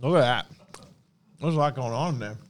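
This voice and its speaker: A man co-hosting a podcast in casual chat, easygoing and quick to laugh. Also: mid-range voice, noisy background. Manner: easygoing, laughs often, hypes his cohost. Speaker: podcast co-host.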